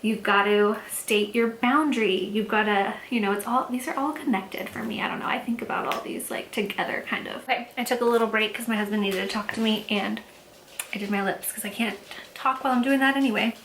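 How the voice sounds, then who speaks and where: A woman's voice: medium pitch, steady tone, brisk, fairly bright tone. Chatty, reflective woman in an echoey room. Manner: chatty, reflective, many "like" and "you know" fillers. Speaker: makeup vlogger. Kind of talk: casual chat while doing makeup. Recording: echoey room, faint ambient noise.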